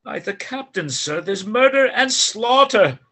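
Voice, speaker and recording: A man's voice: high-pitched, animated, unhurried, sharp tone. A man reading a servant's part aloud in a live play reading, frantic and urgent. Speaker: volunteer reader playing a servant.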